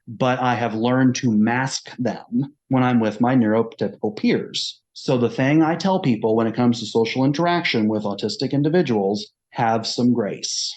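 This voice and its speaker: A man's voice: medium pitch, darkish tone. A man earnestly telling a personal story in a conversational way, sometimes acting out the voices of people in it. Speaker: autistic self-advocate. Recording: dull lo-fi recording.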